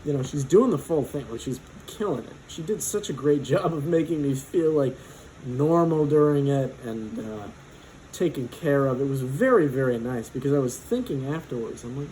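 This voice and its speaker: A man's voice: mid-range voice, lively intonation, normal speed, warm tone, slight background noise, rough recording. A man in his twenties telling a personal story casually, rambling with lots of fillers and swearing.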